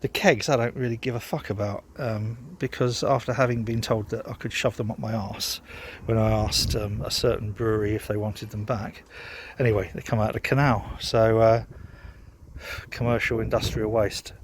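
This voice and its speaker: A man's voice: lowish voice, level tone, moderate pace, a little hiss or hum. A man chatting casually in a rambling, sweary, self-mocking way, vlogging from his garden. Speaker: home brewer vlogger. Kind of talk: casual rambling vlog chat.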